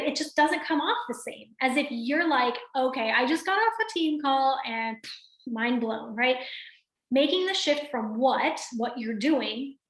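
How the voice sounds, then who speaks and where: On a video call in an echoey room, a high-pitched woman leads a motivational team training as a coach. She speaks with energy, addresses her listeners directly, and keeps checking in with a frequent "right?"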